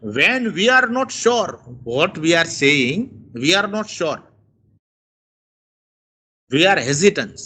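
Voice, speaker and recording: A man's voice: a little high, big pitch swings, pushed and bright, husky. A man teaching a lesson on intonation, stretching his rises and falls to demonstrate each tone. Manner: slow, exaggerated rises and falls to demonstrate tones. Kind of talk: lecture on intonation.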